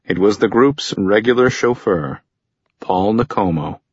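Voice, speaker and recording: Male audiobook narrator, steady delivery, husky, dry close sound. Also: lowish voice, measured pace, no room sound. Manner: steady, even storytelling. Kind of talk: scripted narration. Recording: dull lo-fi recording.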